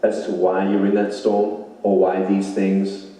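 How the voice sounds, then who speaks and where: A man's voice: low voice, completely flat delivery, measured pace, dark tone. A man giving an inspirational speech, emphatic, repeating lines for effect. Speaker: motivational speaker. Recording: very echoey hall, mic far off.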